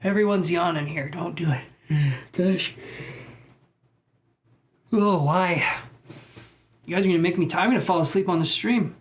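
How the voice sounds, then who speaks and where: This tarot reader and live streamer has a high voice and speaks at normal speed, pausing often. He rambles chattily through a casual stream, reacting to what his viewers comment.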